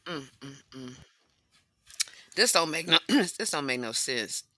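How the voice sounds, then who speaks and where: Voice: medium pitch, lively intonation, slow, crowd noise. A live-stream host reacting to a clip with sarcastic, mocking asides on a close mic.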